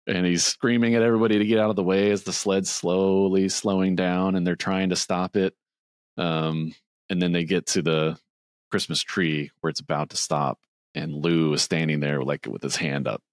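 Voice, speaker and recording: A man with a very low voice rambles through a film plot on a podcast, animated and fond of quoting lines. His sound is dry and close, with little room. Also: moderate pace, dry recording. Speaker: podcast co-host. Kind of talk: casual chat retelling a film plot.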